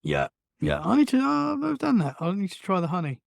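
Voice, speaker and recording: A woman's voice: medium pitch, very animated, quick pace, creaky, no room sound, studio quality. A British woman co-hosting a casual podcast chat, easygoing and laughing often. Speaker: podcast co-host.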